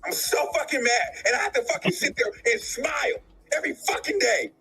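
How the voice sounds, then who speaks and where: A man's voice: very high-pitched, very animated, fairly quick, bright, forceful tone. A tearful, furious man venting in a profane, repetitive rant.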